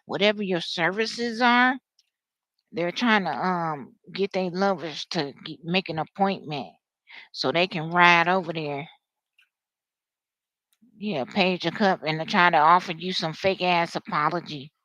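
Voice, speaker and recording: A woman giving a live tarot reading, talking to viewers in an animated, slangy way. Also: on the low side, measured pace, no room sound, low-quality recording. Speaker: tarot reader.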